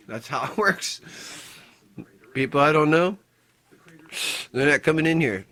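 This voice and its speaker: A man's voice: medium pitch, animated, measured pace, pauses often, bright, forceful tone. A middle-aged man recounting a confrontation in a personal vlog, agitated and swearing often as he retells it. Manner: agitated, profane storytelling. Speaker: vlogger.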